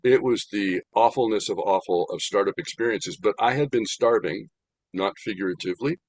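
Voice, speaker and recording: An older American man giving an animated, humorous talk about his spiritual path, slowing down to stress points. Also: fairly low pitch, no room sound. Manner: animated, humorous, slows down for emphasis. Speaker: spiritual speaker. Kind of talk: storytelling talk.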